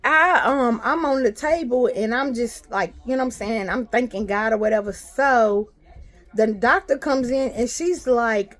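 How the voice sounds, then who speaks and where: A woman's voice: fairly high pitch, takes it slowly. A woman, telling an emotional storytime in casual chat, calling her listeners girl and honey. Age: 40s. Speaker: vlogger. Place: parked car.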